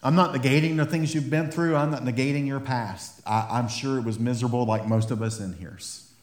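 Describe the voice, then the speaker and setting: A pastor delivers a sermon in an echoey church hall. He talks in an animated, conversational way, laughing often and repeating words as he goes. His voice sits at an ordinary pitch for a man. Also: fairly quick.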